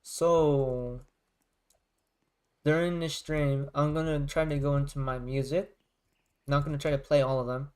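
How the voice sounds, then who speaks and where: A man's voice: fairly high pitch, steady tone, a little slow, pauses often, darkish tone, clear, resonant tone. A man, a music creator, chatting casually on a livestream, rambling and circling back to rephrase his points.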